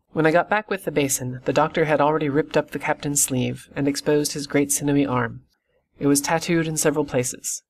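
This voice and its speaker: A man reading an audiobook in steady, measured scripted narration. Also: medium pitch, gravelly. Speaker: audiobook reader.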